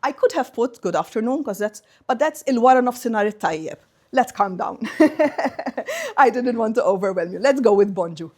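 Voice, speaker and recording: Woman guest speaker, animated seminar talk, leads the room through words. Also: fairly high pitch, normal speed. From Malta. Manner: playful, drilling the audience in phrases.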